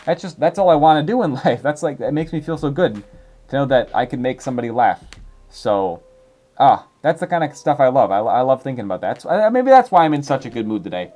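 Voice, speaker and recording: Reading viewer comments, a twenty-something man rambles chattily and leans heavily on fillers. He speaks fairly quickly in a mid-range, slightly mellow voice with big swings in pitch.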